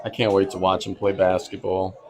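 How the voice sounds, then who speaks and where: Man calling high school football. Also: flat delivery, rough recording. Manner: brisk, easygoing play calling with chuckles. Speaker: play-by-play announcer.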